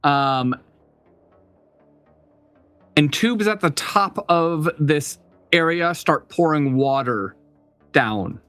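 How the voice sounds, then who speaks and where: A man's voice: fairly high pitch, expressive, extremely slow, long pauses, a bit bright, smooth, no echo, faint music behind. A man running a tabletop game as game master, describing scenes with many fillers and restarts.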